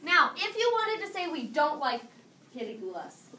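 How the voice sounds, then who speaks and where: A woman teaching a high school Spanish class, upbeat and encouraging, quick to praise her students. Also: big pitch swings, a crowd in the background. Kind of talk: classroom lesson. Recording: echoey classroom from a distance.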